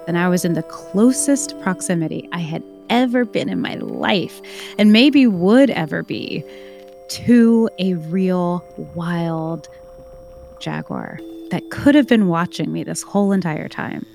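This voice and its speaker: A woman's voice: on the low side, expressive, measured pace, vocal fry, darkish tone, soft background music. A woman telling a personal story in a reflective, conversational way, with frequent fillers. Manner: reflective, uses many fillers like "like" and "you know".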